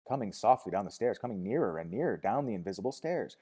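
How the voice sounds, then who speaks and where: A man narrating a novel as an audiobook, expressive, dropping to hushed tones and rising to loud cries. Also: on the low side, fast talker, few pauses, breathy edge. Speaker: audiobook reader.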